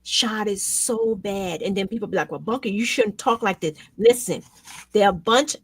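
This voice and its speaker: A woman hosting a talk show, speaking with raw emotion, her voice swinging between loud outbursts and hushed near-whispers. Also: medium pitch, normal speed, slightly rough, dry recording. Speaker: show host. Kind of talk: emotional commentary chat.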